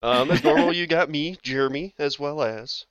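A man's voice: fairly high pitch, normal speed, fairly bright tone, clean tone, no room sound. Rambling, laughing male podcast host. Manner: rambling, laughing, swearing, many fillers. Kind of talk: casual podcast banter.

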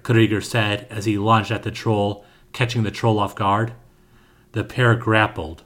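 A man narrating a scripted fantasy story with a steady, dramatic reading. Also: lowish voice, a little slow.

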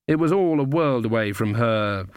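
A male audiobook narrator with a middling pitch, telling the story in a measured, even way. His voice is recorded close and completely dry, with no room sound at all. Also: smooth, dry recording. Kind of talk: scripted narration.

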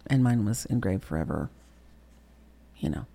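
A woman's voice: a bass voice, lively intonation, normal speed, vocal fry, warm tone. A woman in her sixties, an interview guest telling a candid personal story, acting out past conversations and often sinking to a whisper. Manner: reenacts conversations, dropping into whispers.

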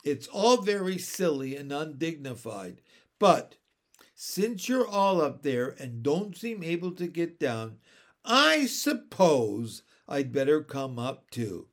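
A man's voice: fairly high pitch, sing-song, slow pace, heavily acted. A man voicing a prim, stern young nanny who speaks snappily and disapprovingly.

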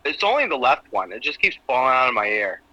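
A man's voice: mid-range voice, big pitch swings, fast, bright, forceful tone, highs cut off. A man in his twenties co-hosting a casual podcast over a video call with headphones, making joking asides. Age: 20s. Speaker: podcast co-host. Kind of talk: casual chat.

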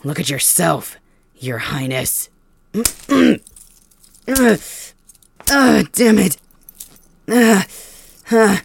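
A woman's voice: low-pitched, measured pace, vocal fry, long pauses, slightly rough, no room sound, full character voice. Woman doing snarling captive dragon king Bakugo. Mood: defiant pain. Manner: defiant, snarling, pained grunts. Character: proud, angry young male dragon king, captive. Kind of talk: ASMR audio role-play.

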